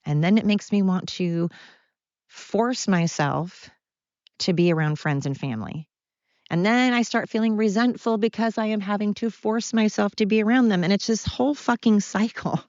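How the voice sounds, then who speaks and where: A woman's voice: medium pitch, normal speed, darkish tone, dry recording, dull audio. A middle-aged woman hosting a confessional solo podcast from home, rambling and apologetic as she talks through her struggles. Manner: rambling, apologetic, openly emotional. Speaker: podcast host.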